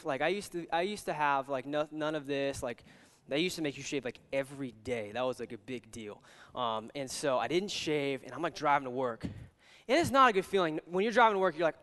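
Young guy preaching casual, lots of likes and false starts, highish smooth voice, big echoey church hall. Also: a bit bright. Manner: rambling, filler-heavy, with many "like"s and restarts. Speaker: youth pastor. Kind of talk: casual sermon with storytelling. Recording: long reverb of a large hall.

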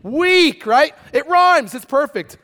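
A middle-aged male pastor preaching a casual, joking sermon that swings from quiet reflection to loud, emphatic bursts. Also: very high voice, lively intonation, takes it slowly.

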